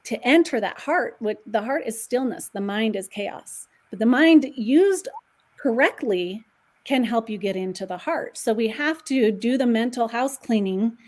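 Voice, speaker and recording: Animated storytelling woman. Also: a little high. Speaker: guest numerologist. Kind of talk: podcast conversation.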